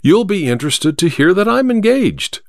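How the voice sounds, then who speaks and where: A man reading an audiobook, voicing a cool, confident male detective who speaks in a crisp, amused, measured way. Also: high voice, very animated, no echo, studio quality, pitched above the performer's own voice, heavily acted.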